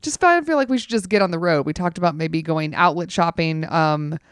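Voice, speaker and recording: A woman telling a story in casual chat, animated and wry, with many fillers. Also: fairly low pitch, a little fast, smooth, dry recording, studio quality. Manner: wry, laughs through the telling.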